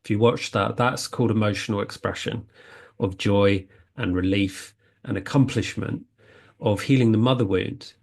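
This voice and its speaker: A man's voice: fairly low pitch, steady tone, normal speed, gravelly, darkish tone. A man talking earnestly as a spiritual healing coach, rambling and often restarting his sentences. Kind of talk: casual spiritual talk.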